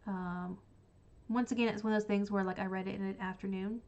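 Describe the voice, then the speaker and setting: A woman's voice: medium pitch, fairly even intonation, a little fast, a little mellow, dull audio. A woman casually ranking books she has read on a stream, rambling with many fillers. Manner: rambling, frequent ums and likes. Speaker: book streamer. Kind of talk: casual book ranking chat.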